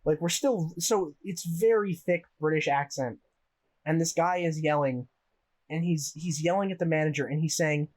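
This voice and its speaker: A man's voice: a little high, normal speed, a little mellow. A young American man co-hosting a podcast, telling a story in a rambling way with lots of swearing and laughter. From United States. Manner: profane, rambling, laughs while telling stories. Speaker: podcast co-host. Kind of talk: casual storytelling chat.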